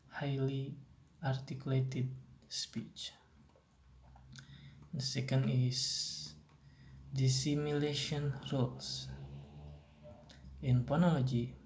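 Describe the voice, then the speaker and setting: A young man giving a class assignment presentation as a student, reading in a hesitant, halting way with restarts. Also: medium pitch, a little mellow.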